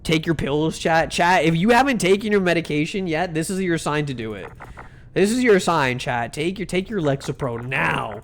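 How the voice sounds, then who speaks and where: A man's voice: on the high side, expressive, normal speed, fairly bright tone, slight background noise. A young man, a VTuber, chatting casually while streaming a game, rambling through jokey stories with lots of restarts and swearing. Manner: rambling, self-interrupting, joking and profane. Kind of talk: casual live-stream chat while gaming.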